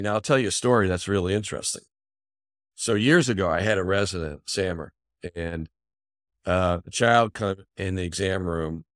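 A middle-aged man speaks in a fairly low voice as a podcast guest. He tells stories in a lively way, shifting his voice for the people he quotes. The sound is close and dry. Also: no room sound. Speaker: physician and company founder, podcast guest. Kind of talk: conversational storytelling in an interview.

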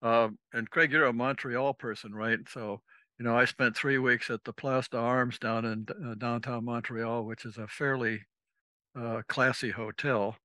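A man's voice: mid-range voice, fairly even intonation, measured pace, sharp tone, dry recording. A man, a former navy officer, telling a rambling, casual story as a podcast guest and acting out the lines of the people in it. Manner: rambling, acts out quoted dialogue.

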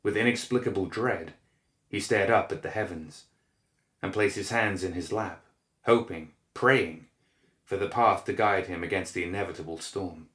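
A man narrating a dark fantasy story in a measured, grave manner, recorded in an echoey room. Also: sits low.

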